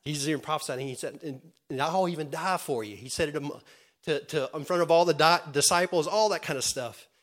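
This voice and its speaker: A man preaching a sermon in an earnest way, with many restarts, moving from loud calls to the congregation to quiet retelling. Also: a little high, quick pace. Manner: earnest, swings from loud calls to soft storytelling; stammering restarts.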